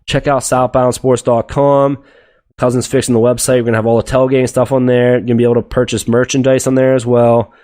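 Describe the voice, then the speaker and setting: A man's voice: mid-range voice, flat delivery, quick pace, darkish tone. A young man hosting a solo sports podcast, ranting bluntly and profanely about teams, players and the media. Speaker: podcast host.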